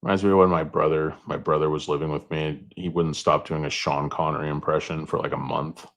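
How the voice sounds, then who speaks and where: A man's voice: extremely low pitch, level tone, a little fast, a bit bright. A middle-aged man hosting stock-market commentary, rambling through jokey asides. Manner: meandering, jokey asides, many fillers.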